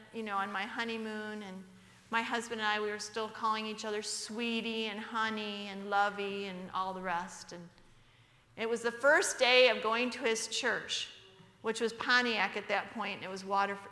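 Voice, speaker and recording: A woman's voice: on the high side, sharp tone. A woman giving a sermon in a church, often asking the audience questions, in an echoey church hall. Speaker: church speaker.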